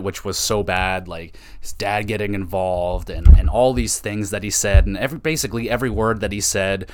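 A man's voice: fairly low pitch, moderate pace, clean tone. A young man hosting a hockey podcast, ranting in a frustrated, profane and mocking way. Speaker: podcast host.

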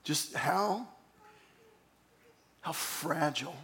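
A man's voice: a little high, lively intonation, very slow, fairly bright tone, a little hiss or hum. A man pastor preaching a sermon, earnest and storytelling, calling on the congregation to repeat phrases after him.

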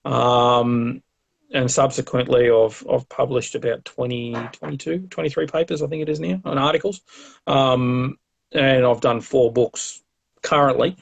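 Middle-aged Aussie bloke, gravelly voice, mid pitch, loose chatty guest with lots of ums. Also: male voice. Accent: Australian. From Australia. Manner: rambling, many fillers and restarts. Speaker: guest, herpetologist and author. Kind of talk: casual interview storytelling.

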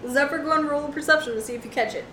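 A woman's voice: high-pitched, very fast, slight background noise. Woman game master in an echoey room. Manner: lively, swearing, laughs often. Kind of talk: narrating a tabletop game. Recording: roomy echo.

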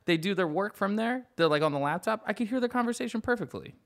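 A young man co-hosting a podcast, telling stories in a lively, profane way and acting out the voices of the people in them. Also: high-pitched, fast talker. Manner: animated storyteller, profane, acts out voices in anecdotes. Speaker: podcast co-host. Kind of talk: casual chat.

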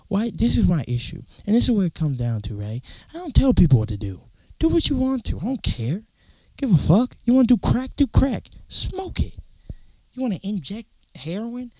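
A young man talking on a casual podcast, telling stories with a lot of swearing, acting out what people said and breaking into sudden loud outbursts. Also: mid-range voice, brisk, no echo. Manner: animated, profane storytelling with acted-out quotes and sudden loud outbursts. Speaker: podcast co-host.

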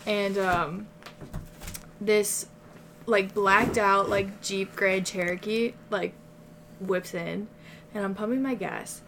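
A woman's voice: mid-range voice, fairly even intonation, takes it slowly, long pauses, background noise. A young woman guest on a podcast, chatting and telling stories with lots of filler words. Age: young adult. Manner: chatty, filler-heavy storytelling. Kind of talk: casual chat.

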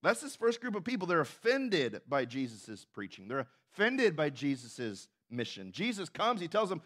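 Emphatic male pastor, higher voice. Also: sing-song, normal speed, hardly any pauses, a bit bright, slightly rough. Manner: emphatic, asks the congregation questions. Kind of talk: sermon.

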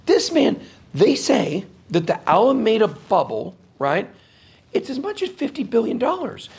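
Before a live audience, this interview guest rambles emphatically through a story, his voice leaping sharply upward as he grows worked up. He has a gravelly, mid-range voice with a breathy edge.

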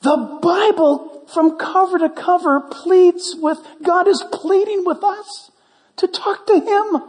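High-voiced animated pastor guy, joking sermon, echoing church hall. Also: takes it slowly. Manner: animated, conversational preaching with jokes. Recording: long church hall reverb.

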